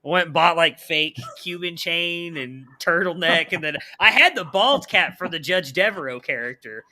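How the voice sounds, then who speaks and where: A man's voice: on the high side, animated, normal speed, bright, forceful tone. A man co-hosting a casual podcast over a video call, telling stories with lots of fillers. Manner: rambling, filler-heavy storytelling. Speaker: podcast co-host. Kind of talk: casual chat.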